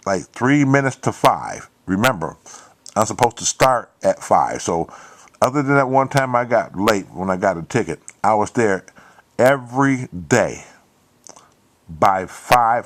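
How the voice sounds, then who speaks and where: A middle-aged man, telling a long personal story with lots of swearing and repetition. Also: lowish voice. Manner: profane, repetitive, emphatic. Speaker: channel host. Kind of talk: storytelling monologue.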